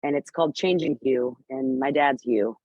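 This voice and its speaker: A woman's voice: extremely low pitch, normal speed, a little mellow, dry recording. A woman being interviewed over a video call, bubbly and laughing often, with lots of fillers. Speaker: actress guest. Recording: dry, dull lo-fi video call audio.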